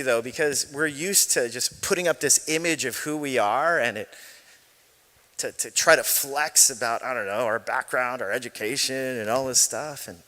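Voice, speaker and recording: Guy pastor preaching, chatty and joking, bright voice bouncing around a big echoey sanctuary. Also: medium pitch. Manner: conversational storytelling, self-deprecating jokes. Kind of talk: sermon. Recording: echoey large hall.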